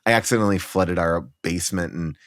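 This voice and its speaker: Animated man telling a comic story. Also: sits low, quick pace, dry recording, clean studio sound. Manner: animated, lots of fillers and restarts, acts out his own past lines. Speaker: podcast guest.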